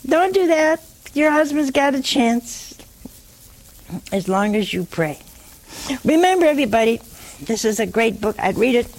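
Slow, gentle woman giving spiritual advice. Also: a little high, sing-song, rough recording. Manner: gentle, slow and reassuring, often adds "see?". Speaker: religious advisor.

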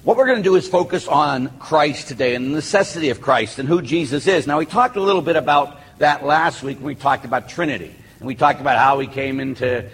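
A man's voice: a little high, fairly quick, few pauses. A man, a Catholic priest, giving a live talk to an audience, telling stories with humor. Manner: animated storytelling with humor. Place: church or hall with a live audience. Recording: echoey hall with faint noise.

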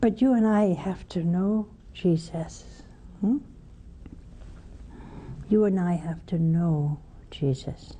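A woman with a warm, mellow voice preaching as a religious sister. She tells homely stories and keeps turning to her listeners with questions like "see?" and "hmm?". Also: on the low side, takes it slowly, pauses often, a little hiss or hum. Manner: folksy storytelling with rhetorical questions. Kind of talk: homily-style spiritual talk.

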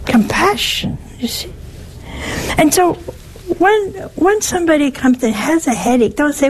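Slow, wry woman giving a sermon. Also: high-pitched, big pitch swings, low-quality recording. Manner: wry, teasing and emphatic. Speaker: religious speaker. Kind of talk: spiritual teaching talk.

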